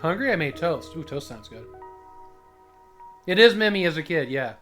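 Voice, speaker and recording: A man's voice: a little high, big pitch swings, moderate pace, a bit bright, faint music behind. A man streaming a video game, joking around crudely and reading the on-screen dialogue aloud. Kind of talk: casual gameplay commentary.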